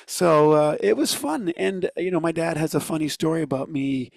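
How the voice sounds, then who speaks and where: A man's voice: fairly high pitch, normal speed, vocal fry, no echo. A man from Northern Ireland with a Canadian accent, a guest drummer telling stories in a chatty way and laughing easily. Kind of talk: interview storytelling.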